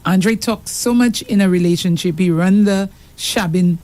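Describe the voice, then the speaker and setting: A woman's voice: medium pitch, moderate pace, darkish tone. Saint Lucian woman reading listener messages. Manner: reads out messages aloud with frequent laughs. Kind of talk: casual radio chat.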